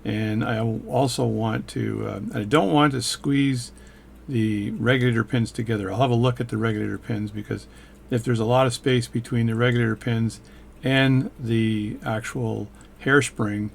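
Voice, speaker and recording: A man's voice: mid-range voice, fairly even intonation, normal speed, creaky, slight background noise. A man hosting his own channel, giving a casual, rambling workshop tutorial and explaining each step hands-on, with a self-mocking humor. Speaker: watchmaker and channel host.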